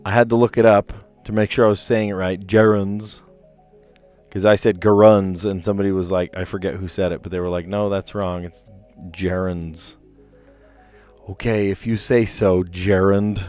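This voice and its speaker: A man's voice: sits low, steady tone, brisk, darkish tone, faint music behind. A man casually chatting on a live stream, reading puzzle clues aloud and rambling to his viewers. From New Jersey.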